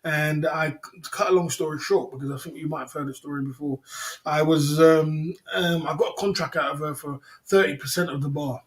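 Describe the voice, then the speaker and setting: A man's voice: on the high side, steady tone, fairly quick. A man hosts a casual livestream, telling a long, rambling story, repeating himself, chuckling and speaking straight to the chat. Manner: rambling, repetitive, chuckles often, talks to the chat. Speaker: livestream host.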